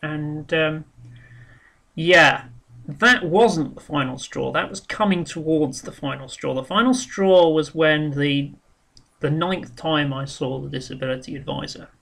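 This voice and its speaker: A man's voice: a little high, measured pace, vocal fry, fairly bright tone. A man speaking in a casual monologue, rambling and frank, with many ums and restarts. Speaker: vlogger.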